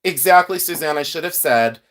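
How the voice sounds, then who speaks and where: A man with a brisk, fairly bright voice on the high side hosts a casual livestream while sorting jewelry. He chats with viewers, greets them by name, and laughs a lot as he goes.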